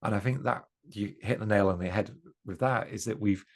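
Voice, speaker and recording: Brisk and fairly low-pitched, the man is a podcast guest from the East Midlands chatting casually. He reflects earnestly, repeatedly starting sentences over and correcting himself as he goes.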